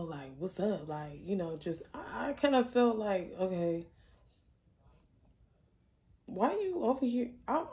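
A young adult woman telling a story in a casual, blunt, animated way, swearing freely. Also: mid-range voice, creaky. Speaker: storyteller vlogger.

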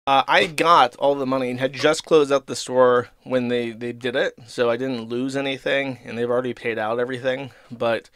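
An irritated man rants to his audience, swearing freely and getting sarcastic as he tells a story. His voice is smooth and clear, at an ordinary pitch for a man. The sound is dry and close, with no room around it. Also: little pitch movement, moderate pace, few pauses, fairly bright tone, no room sound. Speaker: streamer host. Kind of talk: casual ranting monologue.

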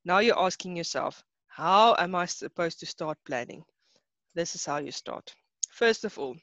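A young woman with a South African accent teaching an online class, chatty and quick to laugh, mixing in Afrikaans words. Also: medium pitch, a bit bright, no room sound, dull audio.

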